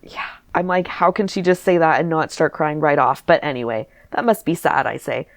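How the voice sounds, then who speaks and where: A woman's voice: sits low, animated, moderate pace, gravelly, no echo, studio quality. A woman reading her childhood story aloud and mocking it with wry asides and laughter. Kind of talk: comedic reading of old diary with commentary.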